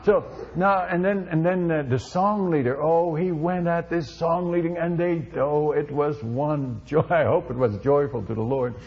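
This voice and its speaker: A male missionary telling a testimony story in an animated way, with many restarts, on a dull recording. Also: a little high, normal speed, few pauses, slightly rough. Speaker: missionary speaker.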